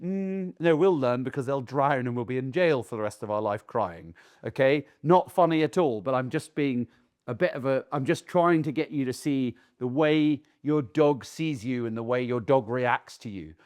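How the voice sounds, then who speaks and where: Blunt, animated man. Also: medium pitch, normal speed. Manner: blunt, animated, mimics owners calling dogs. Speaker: dog trainer. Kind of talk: casual talk to camera.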